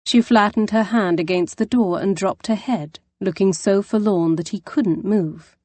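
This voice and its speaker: A woman narrating an audiobook in a measured storytelling manner. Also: mid-range voice, darkish tone, no room sound. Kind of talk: scripted narration.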